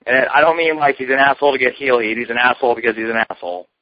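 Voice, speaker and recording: Fast-talking, blunt man on a podcast. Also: medium pitch, dry recording. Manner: blunt, crude and dismissive. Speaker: podcast co-host. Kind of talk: casual wrestling talk show chat. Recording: dull lo-fi dry recording.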